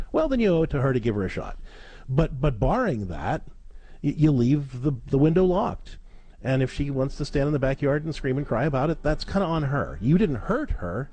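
Brief: male call-in show host and counselor, warm low tones, lively delivery. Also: fairly quick, soft background music. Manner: animated, repeats words as he talks.

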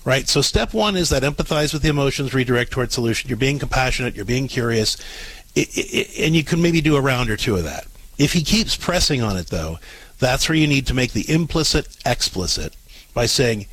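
Husky-voiced man coaching a caller. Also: medium pitch, expressive, brisk, a bit bright. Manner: direct, explanatory coaching with repeated instructions. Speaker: radio advice show host. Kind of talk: call-in advice talk.

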